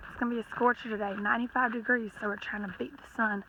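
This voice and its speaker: Young woman, Southern accent, bright tone, chatty trail vlog, faint outdoor noise. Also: on the high side, fairly even intonation, fast, low-quality recording. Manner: chatty storytelling, acts out quotes in her own voice. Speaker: thru-hiker vlogger.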